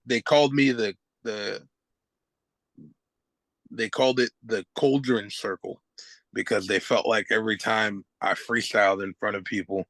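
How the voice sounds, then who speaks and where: A hip hop artist appears as a guest in a casual conversation, speaking loosely and expressively with a fairly low voice. He swears and laughs often, and there's no room sound.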